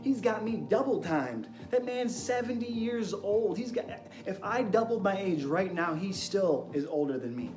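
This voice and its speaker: Young man, host, excitable, rhetorical questions, echoey room, music behind. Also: high-pitched, moderate pace, hardly any pauses. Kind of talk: energetic wellness monologue.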